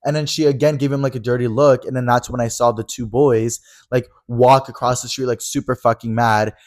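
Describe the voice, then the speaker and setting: A young man co-hosting a podcast, retelling a night out in a fast, animated casual chat. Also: mid-range voice. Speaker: podcast co-host.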